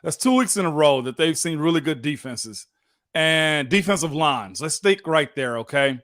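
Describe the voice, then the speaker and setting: A man's voice: on the high side, lively intonation, normal speed, fairly bright tone, no echo. A man co-hosting a sports talk show in a studio, an ex-player speaking emphatically in casual chat. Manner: emphatic, calls people man. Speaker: co-host, former football player.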